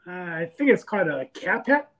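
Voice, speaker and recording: A man's voice: high voice, sing-song, normal speed, a bit bright, a little hiss or hum. A man calling into a podcast, chatting in a laid-back, easygoing way. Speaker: caller. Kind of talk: casual call-in chat.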